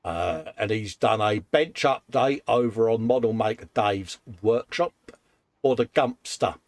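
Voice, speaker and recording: A man's voice: lowish voice, a little slow, no echo. A man co-hosting a casual live stream from a hobby workshop, reading out viewer comments and praising model builds in a chatty, upbeat way. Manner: chatty and upbeat, frequent laughs and "mate". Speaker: co-host of a live modelling show.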